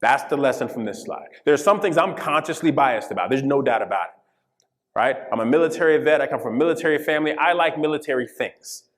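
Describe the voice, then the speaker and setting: A man's voice: medium pitch, animated, a little fast. A man from Colorado giving an interactive diversity workshop, speaking emphatically and checking in with the audience often. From Colorado, USA. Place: conference session room. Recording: long reverb of a large hall.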